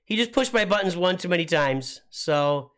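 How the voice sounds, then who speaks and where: A man's voice: high-pitched, lively intonation, moderate pace, a bit bright. A middle-aged man hosting a casual live stream, talking in rambling, self-interrupting bursts.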